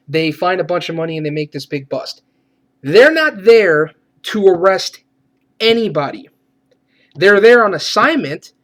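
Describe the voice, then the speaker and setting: A man giving a profane, sarcastic movie rant, swearing often and laughing ironically. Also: a little high. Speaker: movie reviewer.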